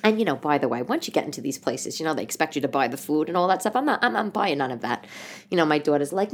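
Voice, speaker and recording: With a low voice and a quick pace, this podcast host wanders through stories on her own casual show. The woman, in her thirties, is lively and imitates the voices of the people she describes.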